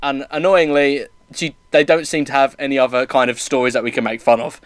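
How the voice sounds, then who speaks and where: A man's voice: mid-range voice, little pitch movement, brisk, clear, resonant tone, no room sound. A man reading bad fan fiction aloud for laughs, often breaking into laughter and tripping over words. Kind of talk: comedic dramatic reading with commentary.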